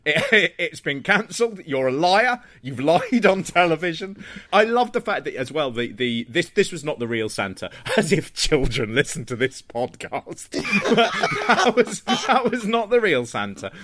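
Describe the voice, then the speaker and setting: Male co-host, animated and slightly high, mocking comic delivery. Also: unhurried, a little hiss or hum. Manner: laughing, mocking asides. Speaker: podcast co-host. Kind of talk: casual comic chat.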